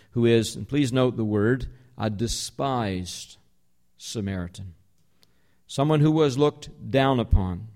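A man delivering a sermon as pastor, in a conversational, explanatory way, slowing down to stress key words. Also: medium pitch.

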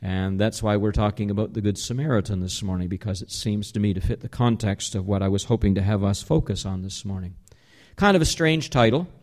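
A man delivering a sermon as pastor, in a conversational, explanatory way, slowing down to stress key words. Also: on the low side, darkish tone.

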